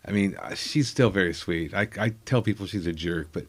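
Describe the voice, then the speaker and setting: A middle-aged man, a comedian guest in a casual storytelling chat, spins rambling, self-deprecating anecdotes and acts out the quotes. His voice is low-pitched and a little fast.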